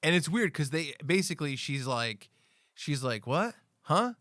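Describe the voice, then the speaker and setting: Fairly high-pitched and fairly bright, a man co-hosting a podcast talks at normal speed in a dry, studio-quality recording. He chats loosely about movies, wandering through scene recaps full of quoted lines.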